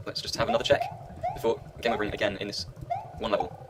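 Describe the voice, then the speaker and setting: Man, low voice, rambling gameplay commentary, wry and self-mocking, quick delivery, game music behind. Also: fairly even intonation, heavy background noise. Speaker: let's play gamer.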